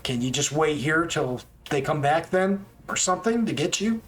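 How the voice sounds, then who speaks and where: A woman's voice: deep voice, lively intonation, moderate pace. A man putting on a vain, fussy drow liaison woman. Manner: prim, flustered, overly formal.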